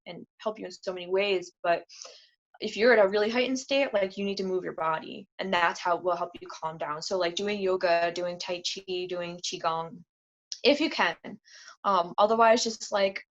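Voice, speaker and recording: A woman's voice: medium pitch, normal speed. A woman speaking as a podcast guest in a candid, casual way. She talks earnestly, uses "like" a lot, and acts out quotes in a livelier voice. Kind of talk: candid casual interview talk. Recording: dull lo-fi podcast audio.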